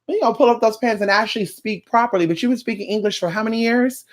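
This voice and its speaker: A woman's voice: fairly high pitch, very fast, few pauses. A woman ranting in a casual vlog, sassy and blunt, with plenty of profanity and mocking asides. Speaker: vlogger.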